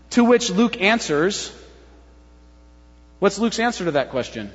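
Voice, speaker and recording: Animated preacher in an echoing hall. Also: male voice, high voice, measured pace, long pauses, dull audio. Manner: animated, acts out crowd voices, conversational asides. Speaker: pastor. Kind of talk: sermon.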